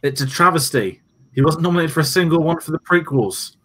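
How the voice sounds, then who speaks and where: A man's voice: fairly high pitch, a little fast, a bit bright, husky. A man co-hosting a film quiz, reading questions and giving opinionated, chatty remarks. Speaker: co-host and quizmaster.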